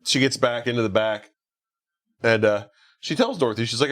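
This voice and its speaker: A podcast host with a medium-pitched voice and lively intonation talks a little fast as he casually recaps a movie. His retelling rambles, packed with fillers, quoted lines he performs, and laughs.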